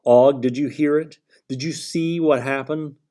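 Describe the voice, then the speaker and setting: A man doing an excited little hamster. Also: fairly high pitch, unhurried, pitched above the performer's own voice, lightly acted. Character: small excitable classroom hamster.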